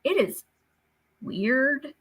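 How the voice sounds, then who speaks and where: Book-chat co-host, woman, bright voice, casual and chatty, fills with "like". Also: sits high, very slow, husky. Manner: chatty, many "like" fillers.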